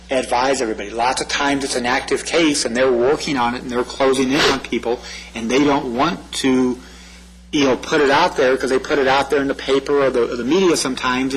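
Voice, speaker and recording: A man's voice: medium pitch, slight background noise, poor audio. A man giving a community presentation on public safety, talking in a loose conversational way that often checks in with "right?". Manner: conversational, repeats himself, asks "right?". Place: meeting room.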